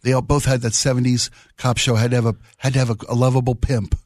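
A man's voice: medium pitch, level tone, quick pace, a little mellow, no echo, studio quality. A middle-aged man hosting a radio show, chatting casually and enthusiastically, rambling about old television. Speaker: radio host. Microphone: studio microphone.

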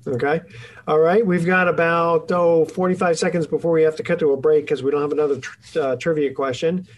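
A man's voice: a little high, steady tone, brisk, slight background noise, poor audio. A man hosting a radio interview show, chatty and rambling with lots of fillers.

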